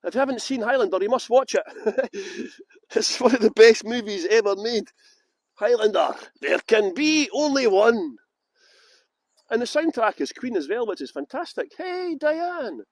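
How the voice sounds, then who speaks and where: Greeting his live-stream viewers one at a time before a tour, a Scottish guide chats from a garden in a high, bright, sing-song voice at normal speed. His banter is loose, rambling and self-mocking, full of laughter, and the audio is close and dry with no room echo.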